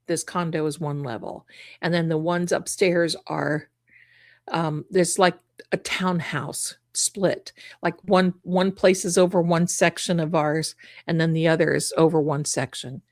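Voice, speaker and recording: A woman's voice: fairly low pitch, no room sound, clean studio sound. Woman telling a haunting story. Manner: animated, acts out quoted voices. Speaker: psychic show host. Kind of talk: casual storytelling. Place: home.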